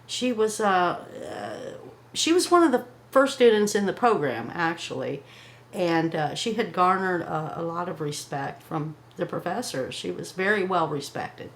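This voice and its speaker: Hesitant woman with a lower voice. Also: animated, unhurried. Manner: hesitant, fillers. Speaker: interviewee.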